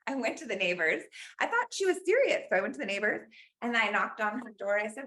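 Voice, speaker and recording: A woman's voice: a little high, big pitch swings, fairly quick, a bit bright. A woman teaching an online cooking class, telling stories and mixing in Spanish words as she cooks. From Los Angeles. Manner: chatty storyteller, mixes in Spanish words. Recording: echoey room.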